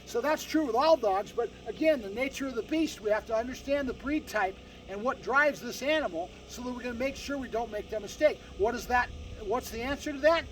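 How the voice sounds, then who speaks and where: A male dog trainer with a strikingly high voice, lecturing emphatically and tagging his points with "right?". He is picked up from some distance away, with a faint hiss of noise underneath. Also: brisk, hardly any pauses, a bit bright. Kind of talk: explaining dog training to owners.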